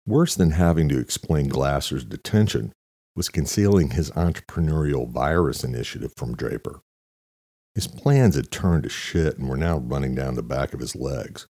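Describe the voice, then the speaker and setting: A man narrating an audiobook thriller chapter in a steady, even storytelling manner. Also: very deep voice, normal speed, husky, no echo, studio quality. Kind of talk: scripted narration.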